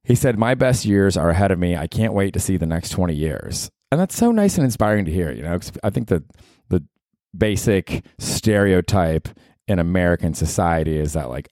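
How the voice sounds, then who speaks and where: Candid low-voiced man in his forties. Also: sing-song, normal speed, darkish tone, dry recording, clean studio sound. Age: 40s. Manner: candid, rambling, swears freely and talks to himself. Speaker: podcast host. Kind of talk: solo podcast monologue.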